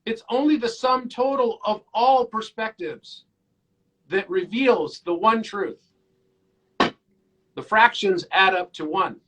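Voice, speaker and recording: A man in his fifties, a podcast guest, talking earnestly and telling animated stories. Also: sits high, slow, pauses often, low-quality recording. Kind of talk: casual interview chat.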